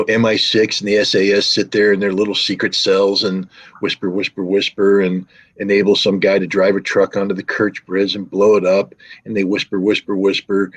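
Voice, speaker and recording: A middle-aged man with a very low, husky voice and a dry, close sound. He speaks with scorn and heavy sarcasm, hammering the same phrases again and again. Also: no room sound, rough recording. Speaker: guest commentator. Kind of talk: scornful political commentary.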